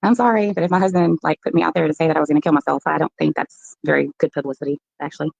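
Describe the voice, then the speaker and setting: Low, gravelly woman rambling on. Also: steady tone, rapid-fire, darkish tone, dry recording, highs cut off. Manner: rambling, heavy on fillers. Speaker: interview guest.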